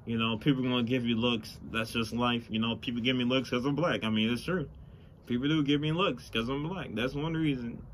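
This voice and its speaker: A man's voice: mid-range voice, fairly even intonation, brisk. A young man hosting a casual solo podcast, rambling and swearing freely, recorded outdoors on a phone near passing traffic. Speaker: podcast host. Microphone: phone mic, later plugged-in mic. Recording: faint car traffic noise outdoors.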